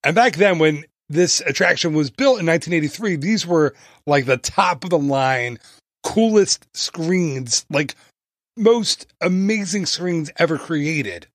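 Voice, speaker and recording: A man's voice: on the high side, animated, a little slow, no room sound. A man hosting a travel podcast, talking casually and playfully with jokey asides and tangents, into a close mic.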